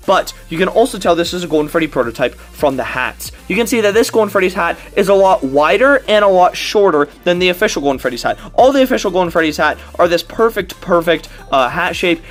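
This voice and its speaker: A man with a high voice hosts a toy unboxing and review vlog from a desk in his collection room. He talks in excitable, heated bursts that leap up in pitch. Faint music plays underneath. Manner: excitable, heated ranting with sudden high jumps. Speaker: toy collector and video host.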